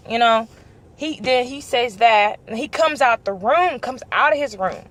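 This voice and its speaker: A young woman vlogger telling a story in a casual chat, lively and acting out the lines of the people in it. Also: a little high, a little slow. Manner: animated, acts out quoted dialogue.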